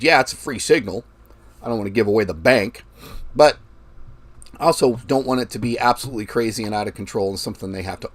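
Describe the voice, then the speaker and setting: A man hosting a forex trading livestream while traveling, in a loose, rambling way with the odd casual curse. He projects his voice into a mic held right at his mouth, at a middling pitch. The sound is dry, with no room echo. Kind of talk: casual live-stream talk. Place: traveling, recording himself. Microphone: mic held very close to mouth.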